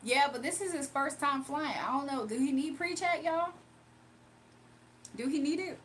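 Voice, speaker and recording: A woman with a slightly high voice chats casually on a livestream, reading viewer comments aloud and laughing often. Faint background hiss sits under her voice. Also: normal speed, a bit bright. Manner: chatty, laughs often, answers viewers directly. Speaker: livestream host reading chat. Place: home, early morning.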